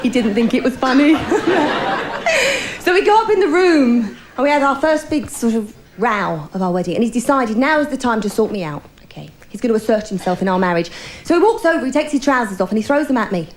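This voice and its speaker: A woman's voice: on the high side, animated, fairly quick. A middle-aged woman performing a stand-up comedy routine, telling bawdy stories in a chatty way and talking straight to the crowd.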